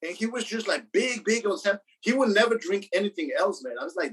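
A man's voice: high voice, animated, brisk, few pauses, a bit bright, husky, rough recording. A man co-hosting a casual beer podcast, rambling, swearing a lot, repeating words and calling people bro and man. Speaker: podcast co-host. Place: New York.

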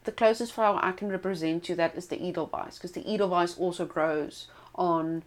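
A woman's voice: lowish voice, fairly even intonation, a little fast. A woman eagerly adding facts in casual chat, with fillers and restarts.

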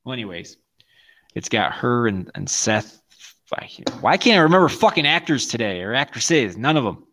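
A man's voice: mid-range voice, big pitch swings, normal speed, sharp tone. A man co-hosting a podcast, telling stories in casual, profane chat over a video call and laughing a lot. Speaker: podcast co-host.

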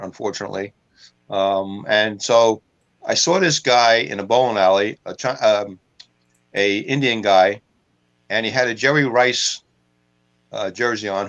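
A man's voice: fairly low pitch, a bit bright, muffled recording. A man co-hosting a casual podcast, telling long rambling anecdotes and laughing at his own jokes. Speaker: co-host.

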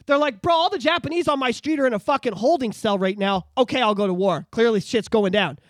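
A man from Canada co-hosting a podcast, ranting profanely about politics, swinging from loud outbursts to low mutters. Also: fast talker, no room sound, clean studio sound. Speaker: podcast co-host. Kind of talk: casual political rant.

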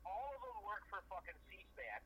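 A man's voice: high voice, big pitch swings, normal speed, sharp tone, a little hiss or hum, rough recording. A man co-hosting a podcast, telling a long, profane, rambling bar story in casual chat. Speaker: podcast co-host.

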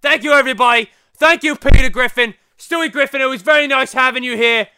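A man impersonating a furious male movie star who shouts, swears and repeats himself over and over. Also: extremely high pitch, fast talker, smooth, voice pushed up, full character voice. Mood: furious shouting.

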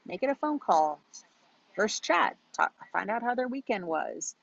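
A woman's voice: medium pitch, very animated, a little slow, creaky. A woman coaching her team in a casual, chatty talk, quoting herself in a bubbly voice and laughing often. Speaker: business coach. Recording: dull lo-fi audio.

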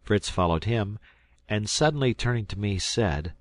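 A man narrating a classic adventure novel in a measured storytelling manner. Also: lowish voice, expressive, no room sound. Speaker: audiobook narrator.

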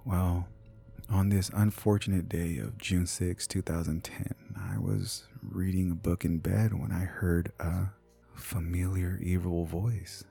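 A man narrating a scripted horror story in a hushed, half-whispered delivery. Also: deep voice, a little slow, gravelly, husky, faint music behind.

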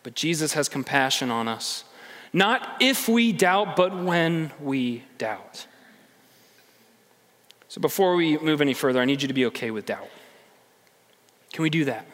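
Lively high-voiced preacher in reverb. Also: male voice. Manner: conversational, animated, acts out inner voices. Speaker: pastor. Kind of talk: sermon.

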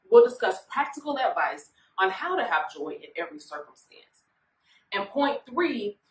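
A woman minister leading a Bible study in an informal, conversational way, often checking in with her listeners. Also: mid-range voice. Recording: echoey room, voice far from mic.

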